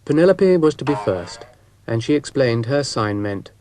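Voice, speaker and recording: A man narrating a children's storybook show in an unhurried, gently droll way. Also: mid-range voice, animated, a little hiss or hum.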